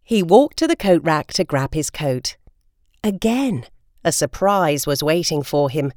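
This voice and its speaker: Woman storybook narrator; lilting, animated read, dry close mic. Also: sits low, unhurried, no echo.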